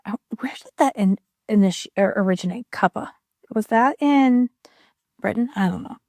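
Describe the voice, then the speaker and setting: A woman's voice: medium pitch, normal speed, dark tone, no room sound, studio quality. A woman chatting casually and rambling a little while she swatches inks, with self-deprecating asides. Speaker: ink and art video creator.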